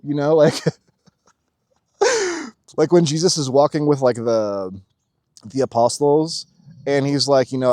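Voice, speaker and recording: A man's voice: fairly high pitch, moderate pace, pauses often, dry recording. Brief: man, casual spiritual talk, swears a lot, acts out quotes in voices, dry close recording. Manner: profane, rambling, acts out quotes in animated voices. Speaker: spiritual video host.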